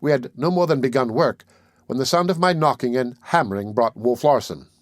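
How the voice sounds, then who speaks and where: A man reading a classic novel aloud as a first-person audiobook narrator, steady and measured. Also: medium pitch, dry recording, studio quality.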